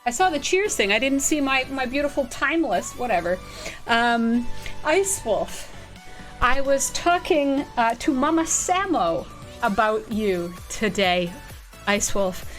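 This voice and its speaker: A bubbly woman streamer with a high voice, chatting at an unhurried pace. She greets her audience by name with excited gasps and laughs. Faint music plays behind her. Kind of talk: casual live-stream chat.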